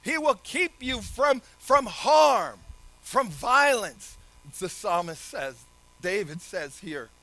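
A man preaching a lively sermon, laughing often and shouting some phrases. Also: high-pitched, slow pace, dry recording.

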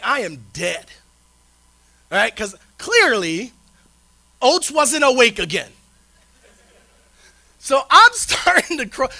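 A man preaching a sermon in a conversational, animated storytelling way, checking in with the listeners by asking "right?". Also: very high-pitched, vocal fry. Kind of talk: sermon with personal stories.

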